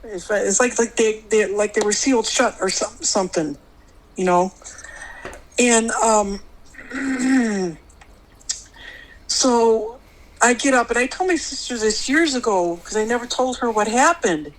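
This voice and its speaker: A middle-aged woman guest telling a personal experience on a podcast, rambling, restarting often, and jumping higher when she quotes others. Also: unhurried, pauses often, low-quality recording. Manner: rambling, full of restarts, jumps high when quoting others.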